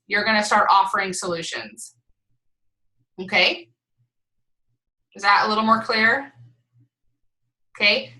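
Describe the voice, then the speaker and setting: A woman leading a team call, coaching in an energetic way, repeating points and often checking in with "right?". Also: mid-range voice, poor audio. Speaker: team leader on a group call. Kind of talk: motivational coaching talk.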